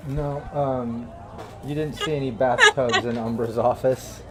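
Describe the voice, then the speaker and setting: A man's voice: medium pitch, fairly even intonation, a little slow, over a noisy crowd, very noisy. A man running a tabletop game for a live stream, chatty and laid-back, laughing often. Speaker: game master.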